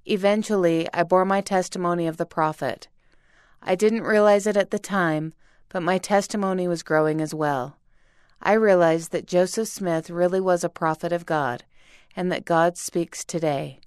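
A woman reading a first-person story aloud as scripted narration, in an earnest, steady delivery. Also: on the low side, normal speed, clean tone, dry recording, clean studio sound. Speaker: reader.

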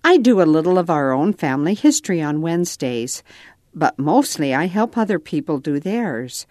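A woman's voice: sits low, sing-song, moderate pace, dry recording, studio quality. A patient storybook mother, read by a woman. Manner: gentle, patient explaining. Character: patient, kind mother helping her son.

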